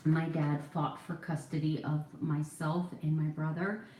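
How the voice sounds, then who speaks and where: A woman's voice: deep voice, flat delivery, measured pace, warm tone, reverberant, a little hiss or hum, low-quality recording. A woman in her forties chatting casually while doing her makeup at home, rambling and poking fun at herself. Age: 40s. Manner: chatty, rambling, self-deprecating. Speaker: vlogger. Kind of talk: casual get-ready-with-me chat.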